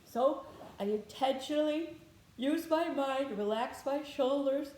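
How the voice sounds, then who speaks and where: A woman's voice: sits high, slow, darkish tone. A woman leading a guided tapping meditation, talking bluntly, swearing freely and thinking aloud as she works through her own feelings. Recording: echoey room.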